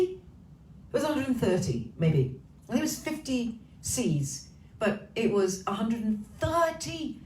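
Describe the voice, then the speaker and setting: A chatty, foul-mouthed woman greets her viewers in a relaxed, cheeky way. Her voice sits a little away from the mic in a roomy, echoey space with a faint hiss underneath. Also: on the high side, measured pace, recorded from a distance. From Wales. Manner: chatty, cheeky, swears freely. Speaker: singer hosting a livestream. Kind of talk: casual chat greeting viewers. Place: her home.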